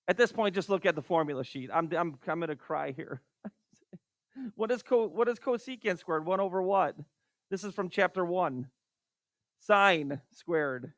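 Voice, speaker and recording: A man's voice: sits high, a bit bright, dry recording. A man teaching a math class, calling on students by name and exasperated by wrong answers. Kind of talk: classroom lecture.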